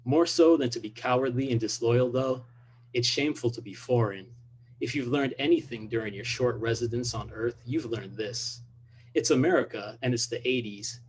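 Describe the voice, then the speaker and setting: Guy reading his own story out loud, slow and careful, mid-range voice, faint hum behind. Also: medium pitch. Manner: measured, deliberate reading. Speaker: author reading his fiction. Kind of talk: literary reading aloud.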